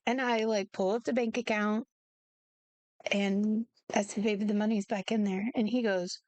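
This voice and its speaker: A woman's voice: medium pitch, steady tone, moderate pace, a little mellow, no room sound. A woman co-hosting a casual chat, adding brief, wry comments. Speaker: podcast co-host.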